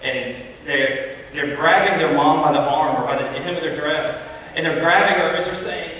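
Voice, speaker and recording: A man gives a storytelling Bible talk to children, chatting and asking them questions as he goes. His voice sits a bit high and comes from a distance. A long, roomy echo fills the church hall around him, with a faint hiss underneath. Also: normal speed, pushed and bright. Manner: storytelling, conversational, addresses kids. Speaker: youth speaker. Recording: echoey hall, far from mic.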